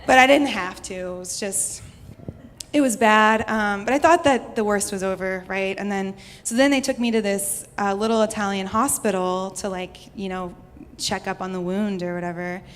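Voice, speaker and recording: A woman's voice: mid-range voice, normal speed. A young American woman from Houston, telling a personal story to a live audience in a chatty way, laughing often and saying "like" a lot. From United States (Houston). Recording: reverberant hall, faint noise.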